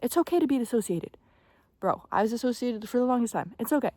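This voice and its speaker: A woman's voice: fairly high pitch, lively intonation, quick pace, a little mellow, no echo. A young woman giving casual, emphatic self-help advice, swearing freely, dropping at times to a whisper and often checking in with "okay?". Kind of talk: casual motivational talk to camera.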